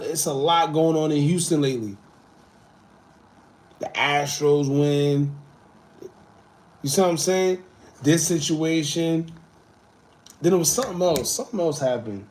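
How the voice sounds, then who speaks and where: A man hosting a casual livestream, reading viewer comments and talking in a loose, animated way. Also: fairly high pitch. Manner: laid-back, animated, swings between loud and muttered asides. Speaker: livestream host.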